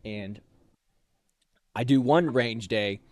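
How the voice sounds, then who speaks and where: A man's voice: mid-range voice, slow. A young adult man casually telling a story, acting out the voices of people he quotes. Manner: animated, acts out quoted voices.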